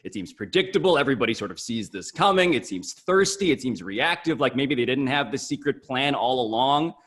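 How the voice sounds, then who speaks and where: Wry man with lively pitch. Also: a little fast, breathy edge. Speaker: sports show co-host. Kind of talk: casual sports talk.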